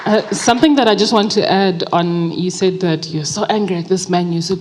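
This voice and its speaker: A woman's voice: medium pitch, unhurried, darkish tone, a little hiss or hum. A woman author answers an audience question in earnest, reflective, preacherly tones. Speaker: author and guest speaker. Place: large event hall at a book fair. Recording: hall with long reverb.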